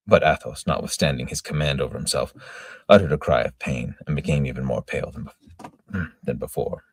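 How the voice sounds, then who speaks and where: A middle-aged man reads a classic novel aloud with a very deep, husky voice. His delivery is plain and steady, with occasional stumbles. The recording sounds close and dry. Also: fairly quick, no room sound. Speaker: reader. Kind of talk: amateur reading of a classic novel.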